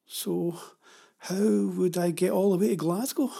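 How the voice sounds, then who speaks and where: Man putting on a high, fiery ten-year-old girl. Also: fairly even intonation, measured pace, creaky, dark tone, breathy edge, full character voice. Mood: anxious. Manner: heated, indignant outbursts. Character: spirited ten-year-old farm girl, quick to anger.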